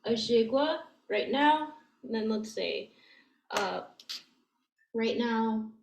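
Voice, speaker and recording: A woman's voice: on the high side, animated, extremely slow. A woman teaching language grammar, explaining step by step in a patient way and thinking aloud with many fillers. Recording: echoey room with faint noise.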